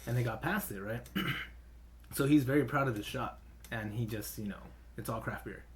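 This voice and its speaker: A man's voice: medium pitch, moderate pace. Rambling, profane male podcast storyteller. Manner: rambling, profane, heavy filler "like". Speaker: podcast co-host. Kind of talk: casual storytelling.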